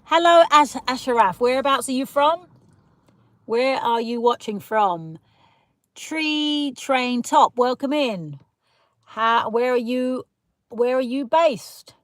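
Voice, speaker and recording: A woman's voice: sits high, animated, slow, dry recording. A woman from Kent, chatting casually with viewers on a live stream, teasing and laughing and calling them darling. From Kent, south of England. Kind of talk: casual live chat reading comments. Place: in a parked car.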